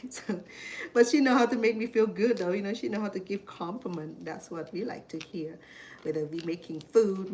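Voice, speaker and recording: A woman's voice: medium pitch, darkish tone, slight background noise. Chatty Cambodian-accented woman cooking. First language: Khmer. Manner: chatty, rambling storyteller. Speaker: cooking show host. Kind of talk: casual chat while cooking.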